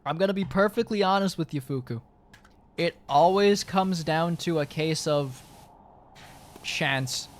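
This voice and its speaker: Young guy streamer rambling on, lots of uhs and likes, swears a bunch, voice a bit high. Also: unhurried, pauses often. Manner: rambling, full of fillers, restarts and swearing. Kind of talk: casual chat to stream viewers.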